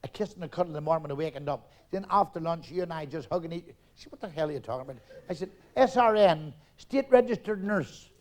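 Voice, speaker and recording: Brash, high-voiced comic. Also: male voice. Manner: rapid-fire punchlines, loud and brash, acts out characters. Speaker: stand-up comedian. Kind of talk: live stand-up joke telling. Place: theatre stage, audience laughter.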